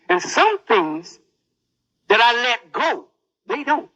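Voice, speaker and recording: High-voiced boastful male preacher. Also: very animated, slow pace, sharp tone, dry recording, low-quality recording. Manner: boastful, menacing. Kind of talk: sermon.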